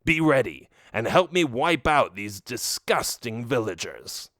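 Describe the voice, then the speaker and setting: A man's voice: medium pitch, very animated, a bit bright, no echo, studio quality. A man voicing a scheming male skeleton chief of an undead army, sinister and gloating in an audiobook for children. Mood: menacing. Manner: sinister, gloating, with slow deliberate threats.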